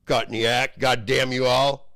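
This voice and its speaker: A man delivering a heated, rambling monologue, profane and swinging into loud outbursts. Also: mid-range voice, little pitch movement, moderate pace. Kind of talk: angry ranting monologue.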